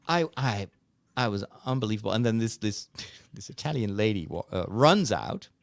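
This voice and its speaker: A priest hosting a casual chat, telling a story animatedly with laughs and restarts. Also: male voice, fairly low pitch, animated, normal speed, gravelly, no echo, studio quality. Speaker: priest and host.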